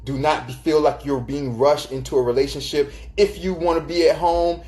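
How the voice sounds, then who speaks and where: A man's voice: on the high side, steady tone, normal speed, darkish tone. A man from Florida giving relationship advice on a live stream, talking casually and greeting viewers by name. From Florida, United States. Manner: chatty, greets viewers by name, acts out quoted voices.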